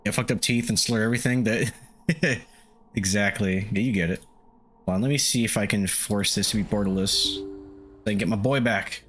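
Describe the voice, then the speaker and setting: A man's voice: on the low side, brisk, fairly bright tone, slight background noise. A man chatting casually on a live stream, loose and profane, often chuckling as he sets up a game at home. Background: faint lo-fi music.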